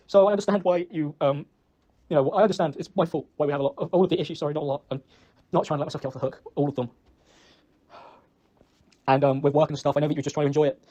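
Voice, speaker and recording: A man's voice: fairly high pitch, fairly even intonation, racing, pauses often, warm tone, highs cut off. A young British man in a recorded personal voice message, rambling and reproaching himself, emotional and choked up, swearing often. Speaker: ex-boyfriend leaving an apology message.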